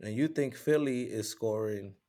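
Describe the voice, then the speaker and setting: A man's voice: fairly low pitch, moderate pace, dark tone. A man co-hosting a podcast, bantering casually with a friend and calling him bro. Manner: laid-back banter, calls people bro. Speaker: podcast co-host. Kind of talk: casual chat.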